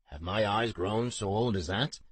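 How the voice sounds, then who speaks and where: A man voicing a soft-spoken older male court official who talks in a formal, measured, gently reassuring way. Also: lowish voice. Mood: probing.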